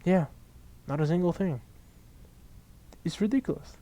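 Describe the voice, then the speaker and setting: A young man, ranting casually and profanely to camera in an exasperated, animated way. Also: high voice, a little slow. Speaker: vlogger.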